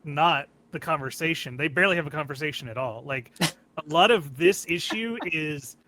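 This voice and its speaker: A man co-hosting a casual comic book podcast, explaining plot points in a measured way. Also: on the high side, sharp tone, low-quality recording. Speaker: podcast co-host.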